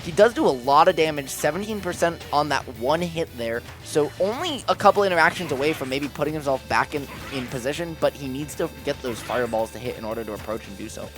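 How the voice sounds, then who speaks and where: A man's voice: on the high side, expressive, fast talker, few pauses. A man doing live play-by-play commentary on a fighting-game match, calling out moves and damage percentages. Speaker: esports commentator. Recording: music playing behind.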